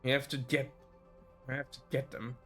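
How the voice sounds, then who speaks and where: A man's voice: mid-range voice, flat delivery, moderate pace, fairly bright tone, faint music behind, natural voice. A man voicing a defiant boy guarding a tunnel, reading his blunt lines aloud in close to his own voice. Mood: anxious. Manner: blunt, read aloud with stumbles.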